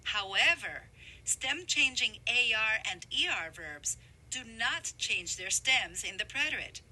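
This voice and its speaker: A woman narrating a scripted grammar lesson, explaining clearly with emphasis. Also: a little high, animated, unhurried, sharp tone, rough recording. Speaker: language instructor.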